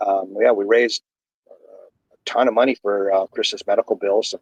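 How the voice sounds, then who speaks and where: A man's voice: fairly low pitch, steady tone, normal speed, no echo, dull audio. A middle-aged man, a wrestling guest on a podcast, telling a long rambling story full of fillers and restarts. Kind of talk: casual storytelling.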